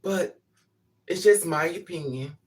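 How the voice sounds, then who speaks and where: A woman's voice: fairly low pitch, takes it slowly, darkish tone, distant mic. An older woman hosting a casual livestream, talking frankly, laughing often and greeting viewers by name. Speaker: livestream host.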